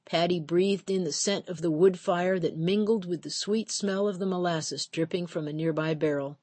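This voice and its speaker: A woman narrating an audiobook in a measured, steady storytelling voice. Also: on the low side, slightly rough, dry recording. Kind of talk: scripted narration.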